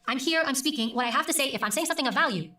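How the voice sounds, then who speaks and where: A middle-aged woman who works as a news presenter, talking emphatically and deliberately as an interview guest. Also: high voice, sharp tone, roomy sound, far from the mic. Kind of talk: conversational interview.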